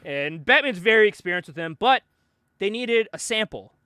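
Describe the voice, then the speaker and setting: A lively, high-voiced man retells a comic story to a friend, laughing often and swinging his pitch all over. His tone is bright and the sound is close and dry. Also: moderate pace, clean tone, dry recording. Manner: animated storyteller, laughs often, acts out quotes. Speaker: podcast co-host. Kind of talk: casual chat recapping a comic.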